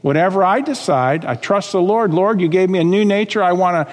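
A man's voice: high voice, a little fast, in a large hall. Man preaching a Baptist-style sermon. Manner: animated preaching with acted quotes and scripture reading. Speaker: pastor.

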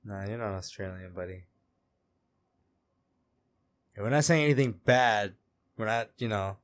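A man's voice: lowish voice, a little fast. A young man co-hosting a podcast in casual, profane banter. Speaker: podcast co-host. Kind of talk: casual chat.

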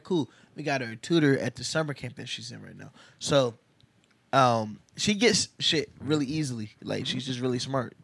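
A young man co-hosting a podcast, telling a story in casual chat and acting out the quotes loudly. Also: medium pitch, dry recording. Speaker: podcast co-host.

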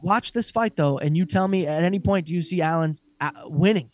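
A man's voice: a little high, brisk. A young man co-hosting a casual fight-talk podcast, swearing freely and laughing often as he chats. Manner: profane, animated, laughs often. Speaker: podcast co-host. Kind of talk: casual chat.

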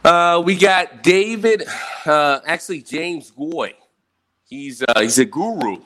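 A man hosting a podcast in casual, profane, excitable chat. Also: on the high side, slow pace. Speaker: podcast host.

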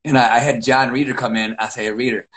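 A middle-aged man in a relaxed podcast conversation, telling coaching stories with plenty of energy. He speaks at an ordinary middle pitch. He acts out his own calls and shouts as he goes. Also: fast talker. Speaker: wrestling coach. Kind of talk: casual podcast chat.

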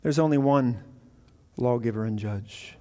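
A man's voice: mid-range voice, a little slow, dark tone. A man preaching a sermon as pastor, building to emphatic, repeated phrases. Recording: hall reverb with mains hum.

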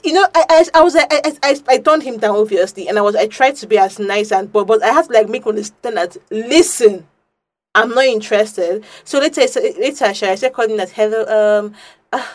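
Young woman, podcast co-host, casual storytelling, animated, swears, restarts a lot. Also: on the high side, fast talker.

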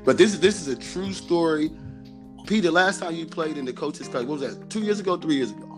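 A man's voice: a little high, brisk, faint music behind. A man in his forties, a basketball coach hosting a casual chat, telling stories animatedly and laughing often. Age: 40s.

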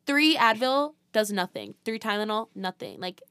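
A woman co-hosting a podcast, telling a story in animated casual chat with lots of laughs and fillers. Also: mid-range voice, moderate pace, clear, resonant tone, no room sound. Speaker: podcast co-host.

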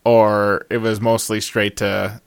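A man hosting a casual movie review podcast, relaxed and jokey, with lots of ums. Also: on the low side, slow, clean tone, no echo. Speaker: podcast host.

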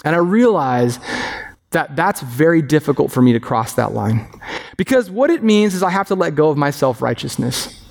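A man preaching a sermon as pastor, animated and acting out the voices of others. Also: fairly high pitch, moderate pace, vocal fry. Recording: long reverb of a hall.

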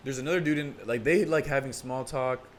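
A young man rattles on at a brisk clip in loose, slangy casual chat, his voice sitting in an ordinary middle pitch. He gets animated and mocking when he imitates small talk. A faint hum of background noise sits under him. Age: young adult.

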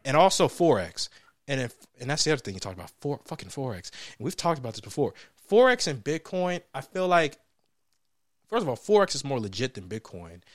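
A young man co-hosting a podcast, telling a story in a casual, profane, animated way and laughing often. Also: mid-range voice, a little fast, no echo, clean studio sound. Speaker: podcast co-host.

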